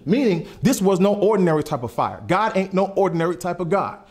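Animated male preacher. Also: high voice, quick pace. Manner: animated, conversational, asks the audience questions. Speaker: pastor. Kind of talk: sermon.

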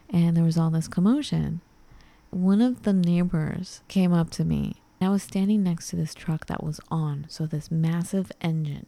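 Lively woman telling a story, mellow low voice. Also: creaky, no room sound. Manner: animated, acts out quoted dialogue. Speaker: podcast co-host. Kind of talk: casual storytelling chat.

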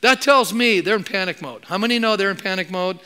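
Guy preaching in church, bright voice, acts out the stories, jokes with the crowd. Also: high voice, brisk, clear, resonant tone. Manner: animated storytelling, acts out quoted voices, jokes with the congregation. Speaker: pastor. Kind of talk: sermon.

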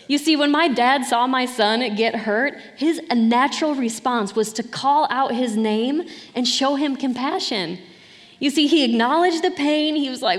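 A woman's voice: high-pitched, normal speed. A woman preaching a sermon in a conversational way, often checking in with her listeners. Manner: conversational, often asks "right?". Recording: hall reverb.

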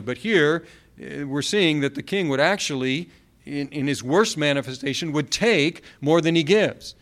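A man preaching a sermon, reading Bible verses aloud and repeating key phrases for emphasis. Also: a little high.

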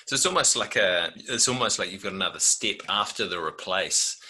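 A man hosting a relaxed interview, with a very low voice that has a strikingly bright, sharp edge. He feels his way into his questions, repeating words and adding ums as he goes. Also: fairly quick, husky, low-quality recording. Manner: hesitant, fills with repeats and ums. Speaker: podcast host.

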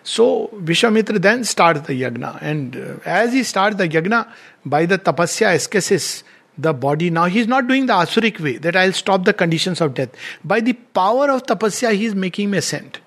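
A man's voice: sits high, lively intonation, normal speed, creaky, fairly bright tone. A man giving a storytelling lecture on scripture, retelling a myth and acting out the quoted lines with animation. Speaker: spiritual lecturer.

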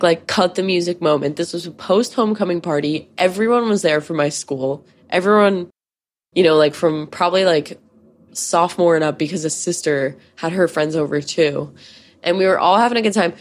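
A woman's voice: on the low side, moderate pace. A woman in her twenties telling candid, profane stories as a podcast host in casual chat. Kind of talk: casual storytelling.

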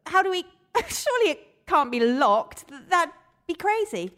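A woman's voice: extremely high pitch, sing-song, a little slow, a bit bright, slight background noise, heavily acted. An actress playing an anxious woman trapped in a sauna, talking in a frantic, panicky way in an audio drama. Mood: panicked. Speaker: sauna customer.

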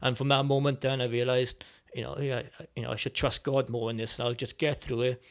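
A man as a podcast guest, speaking reflectively and hesitantly with many pauses as he tells his personal story. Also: medium pitch, flat delivery. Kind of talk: personal testimony in conversation.

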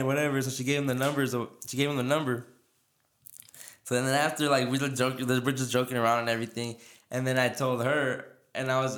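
A podcast host with a mid-range, slightly bright voice tells a meandering story in casual conversation. He laughs a lot, fills his speech with fillers, and acts out quoted dialogue, all in an echoey room.

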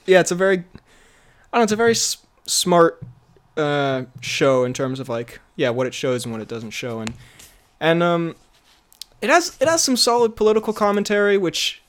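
A man's voice: fairly high pitch, very animated, normal speed. A man co-hosting a casual podcast chat, rambling with lots of fillers and frequent laughter. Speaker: podcast co-host.

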